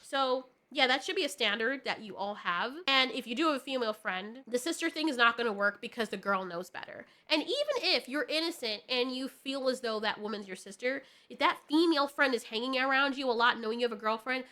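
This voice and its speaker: High, bright-voiced woman chatting bluntly. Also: a little fast, few pauses. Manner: rambling, blunt, laughs between thoughts. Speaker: video host. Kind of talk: candid casual chat.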